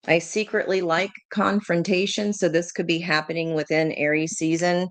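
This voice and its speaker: A woman's voice: on the low side, steady tone, a little slow, dry recording. A woman doing a live tarot reading, thinking aloud in a chatty way, laughing often and swearing casually. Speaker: tarot reader.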